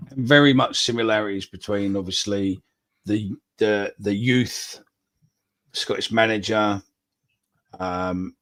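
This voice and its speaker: A man's voice: fairly low pitch, vocal fry, a bit bright. A man co-hosting a live football podcast, talking bluntly and swearing freely. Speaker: podcast co-host. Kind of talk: casual live-stream chat.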